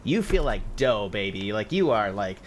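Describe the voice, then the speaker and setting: Lower-voiced man running a tabletop game. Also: very animated, slight background noise. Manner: rambling, quick asides, lots of fillers. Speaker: game master.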